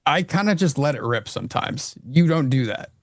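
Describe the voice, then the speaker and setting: A man's voice: a little high, expressive, normal speed, no echo, clean studio sound. A man on a live trading panel talking candidly about how he keeps busy as a full-time trader. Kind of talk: casual panel chat.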